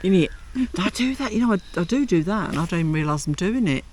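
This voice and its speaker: A chatty man with a South London accent, talking in a casual podcast chat. His voice sits a little high for a man. He is easygoing and self-deprecating. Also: lively intonation, fast talker. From England. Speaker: podcast co-host. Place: home in France.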